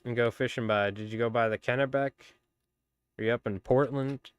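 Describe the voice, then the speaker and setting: Man, live-stream host, casual chat, rambling, smooth voice, dry close sound. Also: mid-range voice, fairly even intonation, moderate pace, dry recording. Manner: rambling, chatty, many fillers. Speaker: fly tying live streamer.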